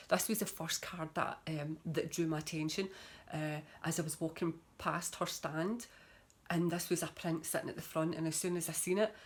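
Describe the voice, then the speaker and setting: A woman with a slightly low-pitched voice talks chattily to her camera in a casual show-and-tell vlog. She gushes as she shows off her tarot cards, with a lot of fillers along the way. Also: fairly bright tone. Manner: chatty and gushing, with frequent fillers. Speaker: tarot reader.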